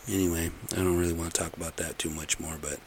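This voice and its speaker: Deep-voiced middle-aged man ranting bluntly. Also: level tone, fast, slight background noise. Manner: aggrieved, blunt, repetitive ranting. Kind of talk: casual rambling monologue.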